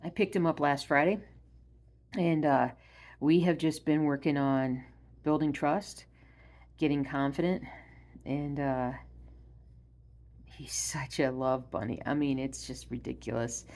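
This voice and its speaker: A woman vlogging casually at home about stitching. She rambles with many ums and uhs and often drops to a soft murmur. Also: low voice, fairly even intonation, unhurried, pauses often. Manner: soft-spoken, drops to a murmur when addressing her dog. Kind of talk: casual chat. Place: at home by her stitching spot.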